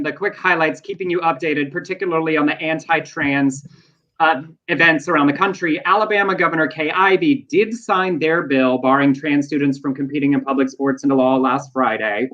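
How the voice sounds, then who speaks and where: Lively man hosting an LGBTQ news chat. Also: on the high side, highs cut off. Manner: animated, quick asides and playful quotes. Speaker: podcast co-host.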